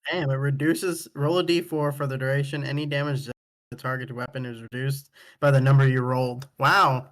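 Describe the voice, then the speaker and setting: An excitable woman playing a tabletop game, swearing freely in casual chat. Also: extremely low pitch, brisk. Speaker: player.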